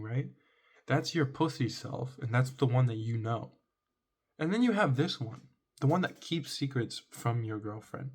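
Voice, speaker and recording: A man's voice: mid-range voice, a little mellow. A man giving dating advice to the camera in a casual, rambling monologue, blunt and profane, who keeps checking in with "right?". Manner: swears casually. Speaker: vlogger.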